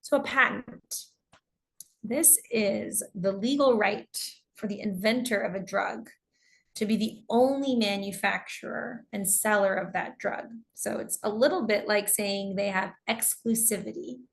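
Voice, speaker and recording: A woman's voice: medium pitch, unhurried, creaky. An American woman teaching an online English class, explaining terms patiently with examples and reading out students' answers.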